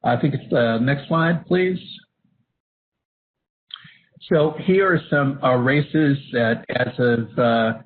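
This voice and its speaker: Halting man moderating over a phone line. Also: medium pitch. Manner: halting, many fillers and restarts. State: coughing at times. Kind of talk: webinar slide presentation. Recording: phone-line audio with faint hiss.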